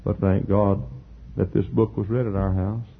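Raspy older preacher, folksy sermon. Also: male voice, fairly low pitch, little pitch movement, moderate pace. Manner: folksy storytelling, earnest. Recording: tinny phone-like sound.

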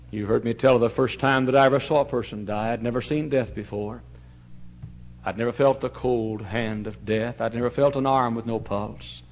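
A man, a pastor, preaching a fiery sermon in a church, shouting one moment and dropping to a hush the next. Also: medium pitch, a little hiss or hum. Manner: fiery preaching, swings from shouts to hushed tones. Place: church sanctuary. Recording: dull lo-fi recording.

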